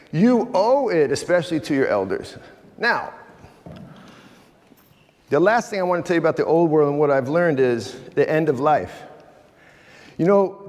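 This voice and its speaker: A middle-aged man gives a talk at a men's retreat, emphatic and direct with his listeners. His pitch swings widely and sits a little high. The large church hall leaves a long reverb on his voice. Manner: emphatic, addresses audience directly, acts out quoted voices. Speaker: guest speaker at a men's retreat. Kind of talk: animated inspirational talk.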